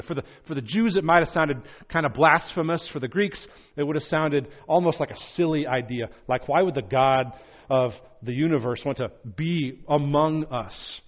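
A man in a church pulpit gives a teaching sermon in a slightly high voice. He spells words out and repeats points for those taking notes, slowing down and getting louder for emphasis. The recording sounds muffled and dull. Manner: slows and rises in volume for emphasis. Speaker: pastor. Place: church sanctuary.

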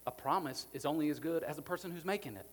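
A male pastor preaching to a live congregation, swinging between hushed, almost whispered passages and loud, emphatic ones. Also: on the high side, fast talker. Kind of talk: sermon. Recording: long hall reverb with faint music behind.

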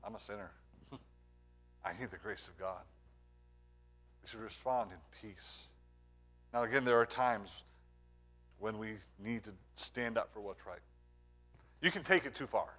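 A man preaching a sermon as pastor, earnest, moving between emphatic points and hushed, quiet lines. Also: on the low side, measured pace, pauses often.

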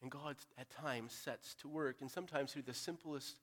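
A pastor preaching an earnest, direct sermon, moving between loud urging and quiet, pressing appeal. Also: male voice, medium pitch, moderate pace.

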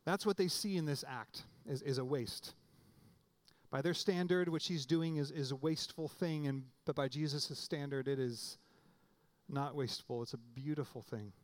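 Man preaching a lively, conversational sermon. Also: on the high side, normal speed. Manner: conversational preaching with restarts and sudden emphatic rises. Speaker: pastor.

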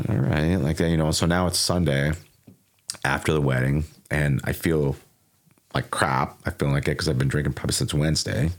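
A man in his forties from Illinois, telling a personal story as a podcast guest in a rambling way, repeating words and acting out quotes. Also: extremely low pitch. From Sauk Valley, Illinois. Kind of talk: casual storytelling.

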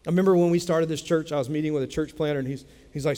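A man's voice: fairly high pitch, steady tone, racing, hardly any pauses, dark tone. Conversational man preaching in a reverberant hall. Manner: conversational preaching with repeated phrases and asides. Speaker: pastor. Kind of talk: sermon. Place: church sanctuary.

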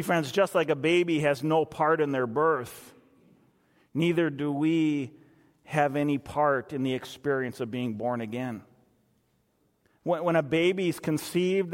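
A man's voice: a little high, long reverb tail. A man preaching a sermon as pastor, emphatic and repeating phrases for stress.

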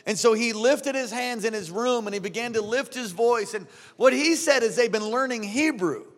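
A male pastor delivers a fervent sermon in a notably high voice. His exhortations ring out with a long reverberant tail, as in a large church hall. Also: moderate pace. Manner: fervent preaching, rising to shouts.

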